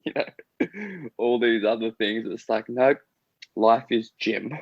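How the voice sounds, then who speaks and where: A man co-hosting a casual podcast chat in an easygoing, chatty way with many pauses and little laughs. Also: mid-range voice, lively intonation, no echo, lo-fi sound. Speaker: podcast co-host.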